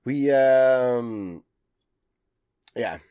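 A man's voice: medium pitch, drawn-out words, mellow, clean tone, soft background music. A man hosting a video game podcast in casual chat, rambling with lots of ums and uhs. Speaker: podcast host.

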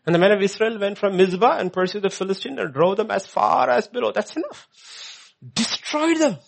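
A male preacher giving a sermon, swinging between hushed lines and loud emphatic ones. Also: high-pitched, fairly quick, gravelly.

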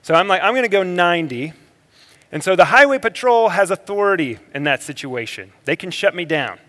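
A male pastor preaches with a slightly high voice that carries a long reverb tail, as in a church sanctuary. He pushes hard on his key points, then drops into quiet, slow reflection. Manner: swings between energetic emphasis and quiet, slow reflection. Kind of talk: sermon.

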